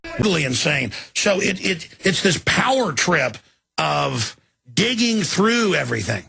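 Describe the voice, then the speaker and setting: A man delivering an angry political rant as a talk show host, repeating himself and breaking into shouts. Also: fairly high pitch, very animated, a little slow. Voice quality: gravelly, raspy.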